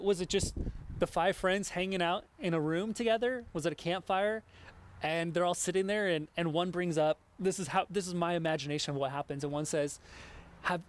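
A man preaching a sermon in an animated way, often stopping and restarting and acting out imagined conversations. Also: high voice. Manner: animated, acts out imagined dialogue with many restarts.

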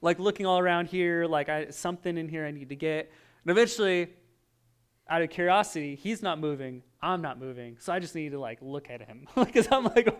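A man delivering a sermon, his voice smooth and resonant and pitched a touch high. He tells stories with animated energy, swinging from hushed asides to loud bursts as he acts out his own reactions. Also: a little fast. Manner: animated storytelling, acting out his own voice in quotes. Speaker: pastor.

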